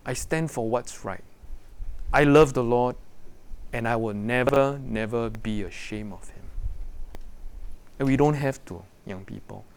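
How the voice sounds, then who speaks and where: A man preaching a sermon to young people, animated and full of rhetorical questions. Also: medium pitch, measured pace, long pauses, clear, resonant tone. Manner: animated, rhetorical questions, acts out quoted voices.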